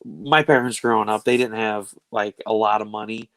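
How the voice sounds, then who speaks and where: A man's voice: on the low side, steady tone, brisk, creaky, fairly bright tone, no echo. A man hosting a casual chat show, rambling enthusiastically and laughing often. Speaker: show host.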